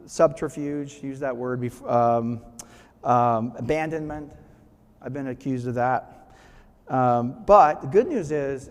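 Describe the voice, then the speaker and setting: A man's voice: medium pitch, a little mellow. A man giving a casual motivational talk to a live audience, often checking in with them and restarting phrases. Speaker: guest speaker. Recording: long hall reverb.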